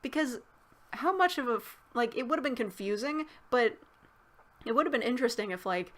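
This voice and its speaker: A woman's voice: a little high, animated, a little fast, a bit bright. A woman recapping and reviewing a movie in a casual, rambling way, heavy on "like" and swearing. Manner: rambling, profane, filler-heavy.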